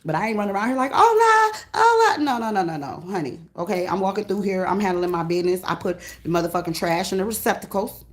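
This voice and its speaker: A woman giving a casual tarot reading, blunt and profane, with an animated delivery. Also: fairly low pitch, quick pace, hardly any pauses. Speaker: tarot reader. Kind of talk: casual spiritual reading monologue.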